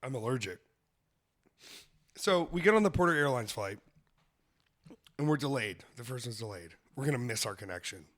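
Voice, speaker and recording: A man's voice: mid-range voice, expressive, normal speed, pauses often, a bit bright. A man hosting a comedy podcast, telling loose, profane travel stories with frequent laughter. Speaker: podcast host. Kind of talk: casual comedic chat.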